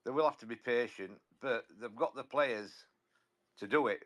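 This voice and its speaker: A man chatting about football on a podcast, often halting and repeating words as he talks. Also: mid-range voice, a bit bright. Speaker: podcast regular, football fan. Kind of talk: casual football chat.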